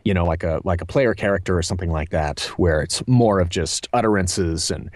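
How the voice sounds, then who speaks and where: A man's voice: low-pitched, a little fast, a little mellow, no room sound, clean studio sound. A middle-aged man, a voice actor, answering interview questions in a thoughtful, meandering way with many fillers. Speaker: voice actor guest.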